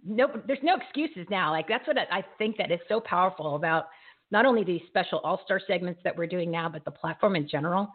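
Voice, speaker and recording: A woman's voice: fairly low pitch, expressive, brisk. A woman hosting a casual live interview, bubbly and laughing often, sometimes losing her train of thought. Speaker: host. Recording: tinny phone-like line.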